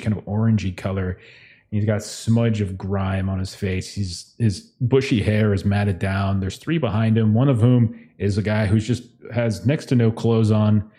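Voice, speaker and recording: A male game master narrating a tabletop session in a relaxed, improvising way, often chuckling. His voice is low and mellow.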